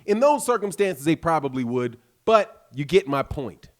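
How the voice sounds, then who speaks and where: Emphatic high-voiced male commentator. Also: expressive, moderate pace, few pauses. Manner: emphatic, rhetorical questions, repeats phrases. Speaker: boxing channel host. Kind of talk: opinionated solo commentary.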